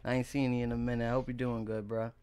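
A man's voice: mid-range voice, little pitch movement, fast, crowd noise. A man hosting a casual podcast, talking in slang, laughing often and slipping into impressions. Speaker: podcast host. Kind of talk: casual chat.

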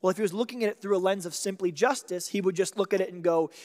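Guy pastor preaching, kinda high voice, big echoey church hall, goes quiet then loud. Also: fast talker. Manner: dramatic, shifting between hushed and loud emphatic preaching. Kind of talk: sermon.

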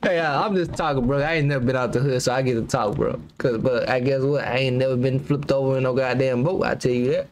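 A man's voice: medium pitch, fairly even intonation, fast talker, few pauses, slight background noise. A young man giving rambling, slangy reaction commentary as a YouTuber, laughing nervously between remarks.

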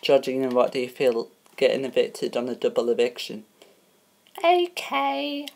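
A woman's voice: a bass voice, little pitch movement, brisk, darkish tone. A woman presenting a homemade mock TV show in a casual, hesitant way, full of ums and uhs and tripping over names. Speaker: host of a homemade spoof show.

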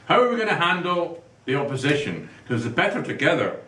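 A man's voice: on the high side, sing-song, fast talker, sharp tone. Wry man, echoey distant mic. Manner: wry, asks leading questions. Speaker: podcast co-host. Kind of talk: casual political banter. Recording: echoey room, distant mic, faint noise.

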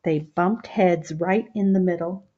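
A woman reading a children's picture book aloud, expressive and stopping to ask the children questions. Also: fairly low pitch, unhurried, muffled recording.

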